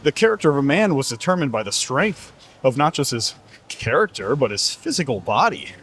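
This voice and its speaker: A man's voice: medium pitch, big pitch swings, fairly quick, a bit bright. A man coaching about fitness in a blunt, profane, lecturing monologue. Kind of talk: motivational monologue.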